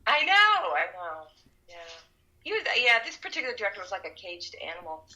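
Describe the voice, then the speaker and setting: A woman's voice: mid-range voice, a little fast, muffled recording. A middle-aged woman, a film production veteran, telling stories in an interview and acting out what people said. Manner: animated, acts out quotes. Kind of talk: storytelling interview.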